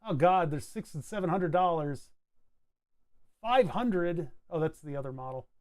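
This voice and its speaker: A man chatting casually on a live stream while designing a circuit board, rambling with wry asides and frequent self-corrections. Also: high-pitched.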